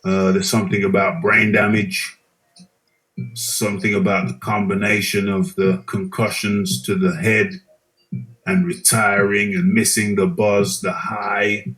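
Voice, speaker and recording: Low, flat-voiced man hosting boxing talk. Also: unhurried, low-quality recording. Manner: relaxed, musing, reads viewer comments aloud. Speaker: host of a live boxing talk show. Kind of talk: casual live-stream chat.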